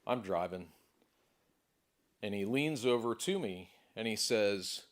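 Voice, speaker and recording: A man with a somewhat low voice delivers a motivational speech to a conference audience. He talks emphatically and repeats key lines to build intensity. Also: lively intonation, takes it slowly, pauses often. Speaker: motivational speaker. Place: conference hall.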